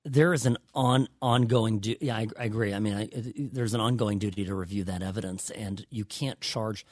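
A man co-hosting a legal talk show, speaking in a halting, emphatic way with many restarts. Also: lowish voice, dry recording, clean studio sound. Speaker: co-host, lawyer. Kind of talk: casual legal commentary.

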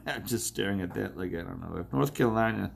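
A man's voice: low-pitched, animated, fast, gravelly, a little hiss or hum. A man hosting his own podcast alone, talking to himself as he makes tournament picks, joking and swearing as he goes. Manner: rambling, self-talking, jokey and profane. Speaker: podcast host. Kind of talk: casual solo sports-picks monologue.

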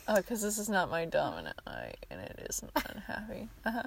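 A woman's voice: mid-range voice, huge pitch swings, fairly quick, gravelly, hardly any pauses. A woman co-hosting a casual late-night podcast, laughing often, swearing freely and making fun of herself. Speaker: podcast co-host. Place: outdoors at night.

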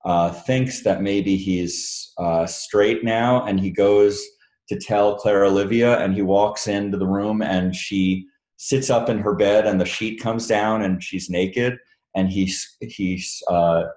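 Deep-voiced man, rambling and self-deprecating. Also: fairly even intonation, takes it slowly, darkish tone, echoey room. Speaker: author answering audience questions. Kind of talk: casual Q&A talk. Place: room with a live audience.

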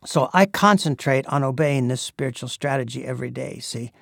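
Gravelly-voiced preacher man, dry sound. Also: medium pitch, a bit bright, no room sound. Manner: earnest, measured, with frequent "uh" pauses. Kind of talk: sermon.

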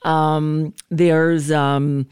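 Woman host rambling casually, crisp dry sound. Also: deep voice, extremely slow, no echo. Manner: relaxed, rambling with fillers. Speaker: radio talk show host. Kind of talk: casual chat introducing an old clip.

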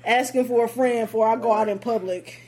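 A woman co-hosting a podcast in casual chat, laughing constantly and talking in animated slang. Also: a little high, fairly quick. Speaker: podcast co-host.

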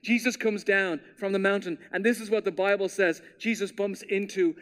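Animated high-voiced male preacher. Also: moderate pace. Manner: animated storytelling preacher, acts out quotes with playful voices. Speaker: pastor. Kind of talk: sermon.

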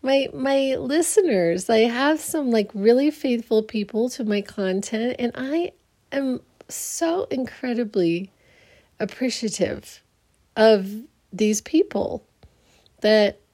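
A woman's voice: on the high side, slow pace, dark tone. A woman hosting her own podcast, chatting casually and rambling with many restarts, sleepy early in the morning. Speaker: podcast host. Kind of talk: casual solo podcast chat.

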